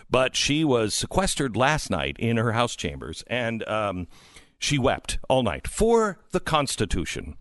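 A man's voice: medium pitch, big pitch swings, takes it slowly, no room sound, clean studio sound, faint music behind. A man hosting a talk show, speaking with sarcastic, mock-solemn exaggeration. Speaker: radio talk show host. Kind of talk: comedic talk show banter.

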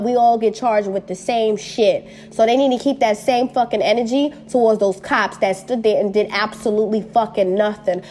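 A woman's voice: fairly high pitch, darkish tone, slight background noise. A woman on a personal video, angrily and bluntly speaking her mind, swearing often and repeating short phrases, upset and hurt. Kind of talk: impassioned personal rant to camera.

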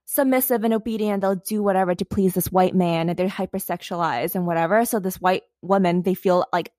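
Young american woman on a podcast, talks fast and loose, swears a lot, dry close mic. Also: mid-range voice, no room sound. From United States. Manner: animated, swears freely, frequent "like". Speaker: podcast co-host. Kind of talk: casual podcast chat.

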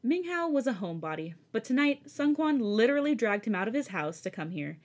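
A woman's voice: on the high side, sing-song, a little fast. A woman podcast host reading fan fiction aloud, breaking off for chatty, giggly asides. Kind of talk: casual story reading.

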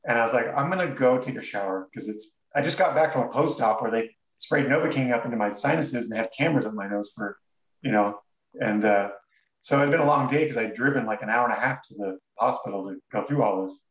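A man in a podcast interview tells his own story in an earnest, halting way, often stopping and restarting his sentences. His voice sits at an ordinary middle pitch. The sound is roomy and comes from some distance off the mic. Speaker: podcast guest. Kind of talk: reflective storytelling.

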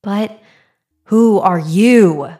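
A woman's voice: medium pitch, drawn-out words, warm tone, voice pushed up. A woman voicing a possessed aunt who pleads in a wavering, cracking voice. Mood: menacing.

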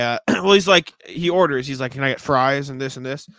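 A young man co-hosts a casual podcast, telling animated stories full of swearing. His voice is bright and forceful, recorded dry and close to the mic. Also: mid-range voice, fairly quick, no echo. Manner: profane, animated storytelling. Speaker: podcast co-host. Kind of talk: casual chat.

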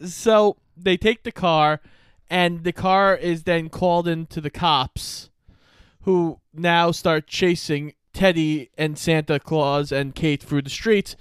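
A man's voice: a little high, steady tone, clean tone, dry recording, studio quality. A man co-hosting a podcast, chiming in with plot details while recapping a film. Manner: chimes in with quick plot details and asides. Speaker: podcast co-host. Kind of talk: casual chat recapping a film.

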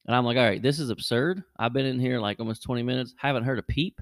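A middle-aged man tells a story on a podcast in a plain, mid-pitched voice. He gets animated and jumps high whenever he quotes someone. The sound is close and dry, with no room in it. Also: fast, no echo. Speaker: podcast host. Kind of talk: casual storytelling.

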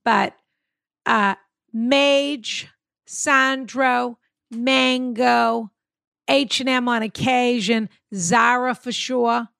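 A woman's voice: a little high, steady tone, very slow, vocal fry, a bit bright, smooth, dry recording, clean studio sound. A woman hosting a podcast in casual chat, reading a listener's email aloud with playful, teasing asides. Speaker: podcast host answering listener advice emails.

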